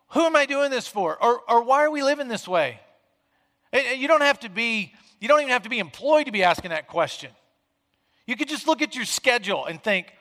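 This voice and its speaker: A male pastor preaches in a casual, talky way, dropping low and quiet, then pushing up loud when he acts out the questions people ask. His voice sits high and sounds bright and forward. It rings out with a long reverb in the church hall. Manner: conversational, acts out quoted questions with shifting volume. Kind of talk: sermon.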